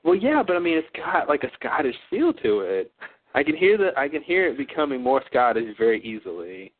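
A man's voice: mid-range voice, big pitch swings, brisk. A man chatting casually and joking, laughing often as he tries out accents. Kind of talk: casual chat. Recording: tinny phone-like sound.

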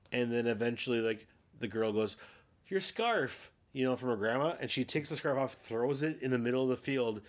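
Sweary rambling man chatting about a movie. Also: medium pitch. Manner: rambling, sweary, acts out quotes. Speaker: podcast co-host. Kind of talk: casual movie chat.

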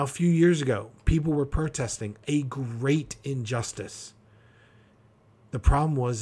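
A man preaching a practical podcast sermon, emphatic and direct, acting out quick quotes to make his points. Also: on the high side, darkish tone, breathy edge.

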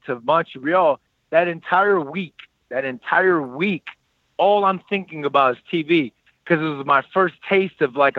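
A man in his thirties casually telling a personal story, animated and acting out what others said. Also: a little high, dry recording, narrow, tinny audio. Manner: animated, quotes people in lively voices.

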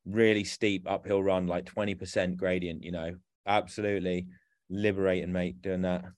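A man's voice: deep voice, flat delivery, moderate pace, darkish tone, dry recording. A man, a podcast guest chatting casually, laughing often and swearing freely. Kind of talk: casual chat over a call.

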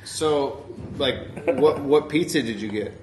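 A man's voice: medium pitch, a little slow. A man bantering casually, teasing a friend with mock-serious questions. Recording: roomy echo, loud laughing group.

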